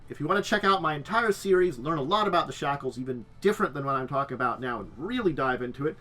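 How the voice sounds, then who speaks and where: A man's voice: on the high side, animated, fast talker, few pauses, sharp tone. A man hosting a tabletop lore stream, chatty and rambling, with frequent restarts. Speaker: host.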